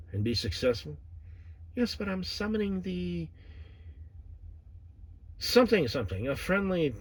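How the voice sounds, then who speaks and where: A man's voice: mid-range voice, slight background noise. A man vlogging in a casual, rambling monologue, cursing freely and padding his talk with "you know" and sighs. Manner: meandering, profane, full of "you know" fillers and sighs.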